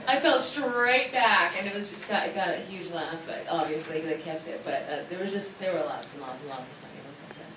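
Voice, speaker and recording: A woman in a panel talk, telling lively stories with many restarts, recorded from far off in an echoey convention hall. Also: on the low side, brisk, few pauses, background noise. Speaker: actress on a panel. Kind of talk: panel anecdotes.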